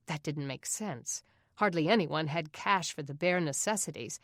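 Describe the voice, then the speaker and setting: A woman narrates an audiobook with a steady, even reading. Her voice sits a little low, and the sound is dry and close, with no room around it. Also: moderate pace, no echo. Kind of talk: scripted narration.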